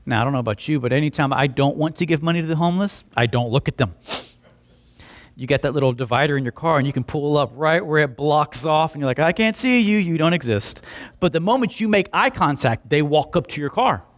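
A man speaks fast in a fairly high voice while preaching a conversational sermon as pastor. He tells a story, performing each side of the dialogue, and often restarts by repeating words.

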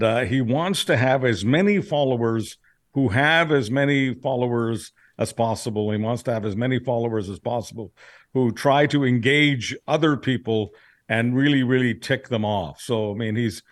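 A man giving blunt political commentary in casual podcast chat, measured with frequent fillers. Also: medium pitch, dry recording, clean studio sound.

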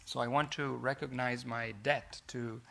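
A middle-aged Italian man gives a formal lecture in English, his accent clear throughout. He talks very slowly and deliberately, filling gaps with "uh" and restarting phrases. His voice has a gravelly texture with a bright, forceful edge. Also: medium pitch, steady tone, a little hiss or hum. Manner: measured, with frequent fillers and restarts. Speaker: guest lecturer.

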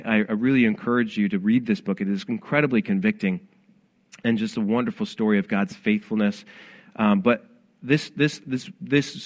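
Earnest, conversational male pastor. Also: on the low side. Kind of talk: sermon.

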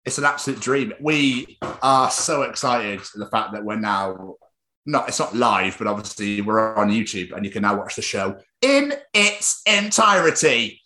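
A man's voice: on the low side, lively intonation, moderate pace, bright, forceful tone. A young man co-hosting a podcast, chatting casually with sweary, giggly banter. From Wales. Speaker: podcast co-host. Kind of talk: casual chat.

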